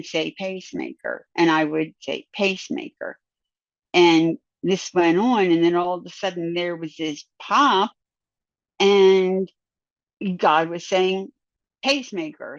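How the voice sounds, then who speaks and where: Woman guest, low gravelly voice, unhurried halting testimony, dry dull lo-fi recording. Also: dry recording. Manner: halting, repeats and restarts words. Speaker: guest recounting a near-death experience. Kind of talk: personal testimony.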